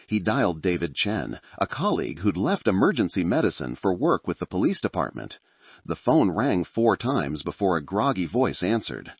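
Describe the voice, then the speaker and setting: A man's voice: deep voice, big pitch swings, normal speed, breathy edge, no room sound. A man reading a thriller story aloud as narrator, in a dramatic, tense storytelling manner. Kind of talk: scripted narration.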